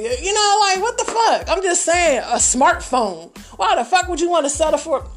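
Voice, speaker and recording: A woman hosting her own podcast in a casual monologue, blunt and profane, and her voice climbs higher when she gets riled up. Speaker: podcast host.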